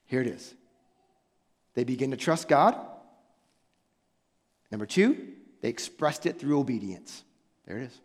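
A man's voice: mid-range voice, lively intonation, unhurried, long pauses. A male pastor preaching an emphatic sermon in a church, often breaking in with "listen" and rhetorical questions. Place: church sanctuary. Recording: long church-hall reverb.

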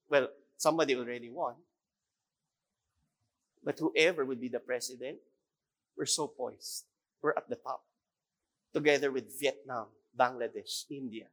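A man's voice: mid-range voice, measured pace, pauses often, a bit bright. A male pastor with a Filipino accent preaching a sermon, emphatic and repeating key phrases, sometimes switching into Tagalog. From Philippines.

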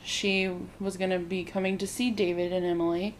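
A woman's voice: on the low side, little pitch movement, normal speed, slight background noise. A woman in casual chat, animatedly retelling a movie plot and acting out the characters' lines, with frequent "like".

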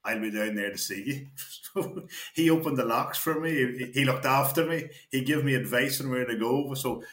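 Here the Northern Irish guest from County Tyrone, an ex-county footballer, talks at medium pitch and normal speed with a fairly bright tone. He rambles through anecdotes in relaxed chat, often quoting people and breaking into laughter, all captured with a roomy echo.

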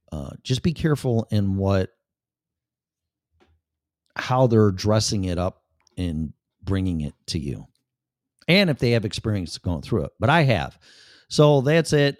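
A man's voice: on the low side, darkish tone, dry recording, clean studio sound. A man in his fifties from Chicago with a Chicago accent, hosting a casual podcast monologue in a blunt, profane, rambling way. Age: 50s. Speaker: podcast host.

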